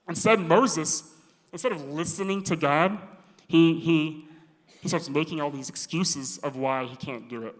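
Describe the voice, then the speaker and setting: Man preaching casually with slang and playful acted-out lines, slightly high voice, echoing hall. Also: measured pace. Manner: slangy, animated, acts out quoted voices. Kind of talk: casual sermon. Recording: long hall reverb.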